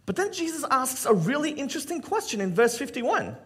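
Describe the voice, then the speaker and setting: A pastor with a very high, sing-song voice preaches a sermon, joking with the congregation and acting out Bible scenes and everyday skits. He speaks to the congregation with quick asides.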